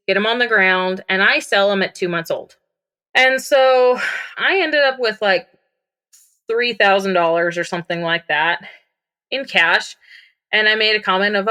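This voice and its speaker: A woman's voice: mid-range voice, unhurried, bright, forceful tone. A woman casually telling a personal story, acting out quoted lines in a raised voice. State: recovering from memory loss and daily headaches. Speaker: guest telling her story.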